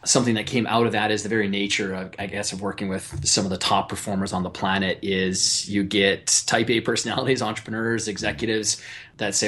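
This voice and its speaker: A man who coaches athletes, talking on a podcast call from his child's bedroom into a mic on a shelf, relaxed and quick to laugh. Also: on the low side. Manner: relaxed storyteller, laughs easily. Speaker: guest, performance coach. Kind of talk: remote interview. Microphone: desktop USB mic on a shelf.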